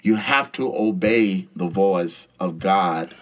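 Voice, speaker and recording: A man's voice: sits low, takes it slowly, fairly bright tone. A man hosting a faith talk show, speaking earnestly in a preacherly way and addressing the audience directly. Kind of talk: casual faith talk, teaching.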